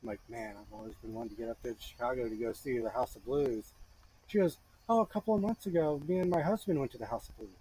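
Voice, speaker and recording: A man in his thirties telling a lively story to a friend in a workshop, acting out the voices of the people in it. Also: mid-range voice, quick pace, husky, rough recording. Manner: animated, acts out voices in his stories. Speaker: blacksmith teaching a friend. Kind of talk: casual storytelling. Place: forge workshop.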